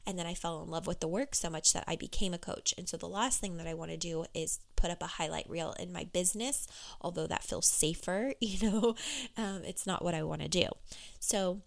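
A young woman life coach talking candidly in a casual monologue, her voice froggy and hoarse, with plenty of "you know" and "um". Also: lowish voice, fairly even intonation, brisk.

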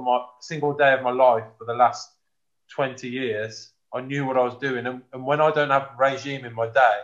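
A man, talking frankly in a casual chat as a former rugby player. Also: mid-range voice. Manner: blunt, frank, says mate often. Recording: dull lo-fi sound.

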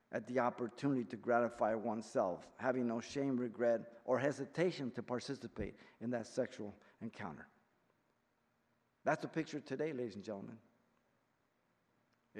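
A man in his sixties teaching a verse-by-verse Bible study as pastor, emphatic, swinging from quiet explanation to loud rebuke. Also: medium pitch. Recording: long reverb of a hall.

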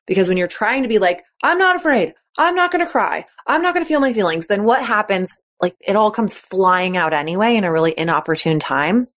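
A woman podcast host coaching athletes in a chatty, encouraging way, often acting out the thoughts she quotes. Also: fairly low pitch. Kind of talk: casual coaching talk.

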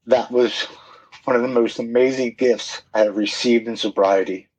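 A man's voice: mid-range voice, steady tone, moderate pace, darkish tone, husky. A middle-aged man, a podcast guest, telling his recovery story in an earnest, heartfelt way, sometimes repeating words when moved.

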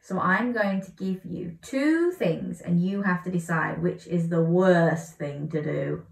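A woman reading a children's story aloud, animated and inviting listeners to join in, a little away from the mic in a roomy space. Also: on the low side, a little slow, vocal fry. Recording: roomy, slightly distant mic.

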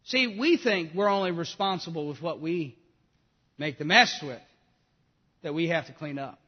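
A man preaching a sermon with passion, swinging between loud appeals and hushed, quiet moments. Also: fairly high pitch, normal speed, big-room sound, lo-fi sound. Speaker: pastor.

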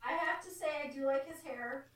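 A woman co-hosting a podcast, in a relaxed, agreeable casual chat. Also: high-pitched, brisk. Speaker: podcast co-host. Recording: very echoey, distant mic.

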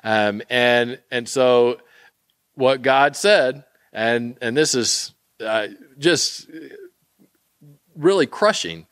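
A man's voice: medium pitch, drawn-out words, a bit bright, smooth, no echo. A man giving a conversational sermon, retelling a scripture story with asides and many fillers. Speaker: preacher.

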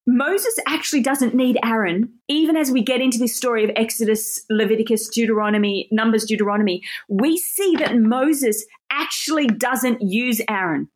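A woman teaching the Bible in a casual sermon, animated and self-deprecating, laughing often. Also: on the high side, normal speed, few pauses.

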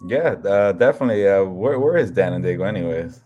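A deep-voiced man who breaks down the game in a measured, plain way. His thoughts are sprinkled with "uh" and short hesitations. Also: lively intonation, highs cut off. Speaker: podcast co-host. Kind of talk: casual sports podcast analysis.

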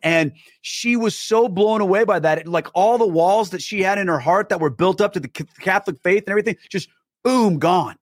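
A man telling a personal story as a podcast guest, animated, acting out the dialogue. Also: high-pitched, brisk, dry recording, studio quality. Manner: many fillers and restarts.

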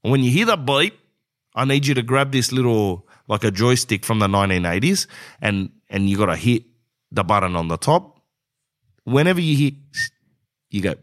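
A man's voice: medium pitch, lively intonation, moderate pace, pauses often. Rambling man telling a comic story. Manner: rambling, says "bro" often, acts out both sides of dialogue. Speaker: comedian.

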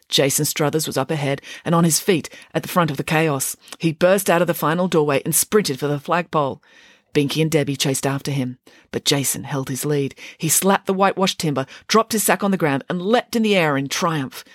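A woman narrating a children's story aloud in a lively, expressive way, close to the microphone. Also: low-pitched, no room sound.

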